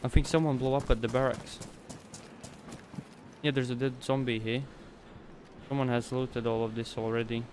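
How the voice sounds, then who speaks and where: A man streaming a survival game, chatting casually to his viewers, swearing and breaking into excited yelps. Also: normal speed, pauses often, a little hiss or hum. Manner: swears freely, talks to himself and his viewers, bursts into high excited yelps. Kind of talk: casual gameplay commentary.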